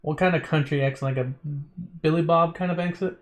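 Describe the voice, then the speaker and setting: A man's voice: on the high side, brisk. A man streaming a visual novel, reading the text aloud in a casual way, stumbling over words and breaking off into chatty asides.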